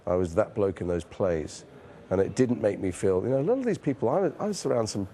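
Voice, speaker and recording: Being interviewed, a forties-aged actor with a northern English accent from northern England reflects on his past through candid, self-mocking tales sprinkled with casual swearing. His lowish, mellow voice is very animated and moves at a quick pace.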